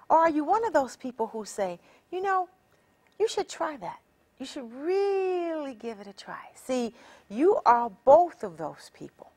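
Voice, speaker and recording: Woman, empowerment coach, encouraging and measured, animated pitch. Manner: measured and encouraging, with many rhetorical questions. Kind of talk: motivational teaching talk.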